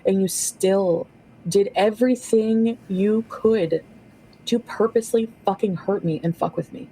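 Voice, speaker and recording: A woman rants into the camera in a clip, bitter and accusing, swearing freely as she goes. Her voice sits at a middling pitch. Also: a little slow, dark tone, slight background noise, rough recording. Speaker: person in clip being reacted to. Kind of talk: angry online rant.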